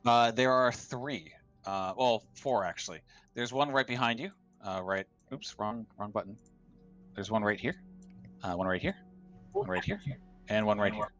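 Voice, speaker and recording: A man's voice: on the low side, animated, normal speed, fairly bright tone, faint music behind. A man narrating as game master of a tabletop game, hesitant and full of fillers and restarts.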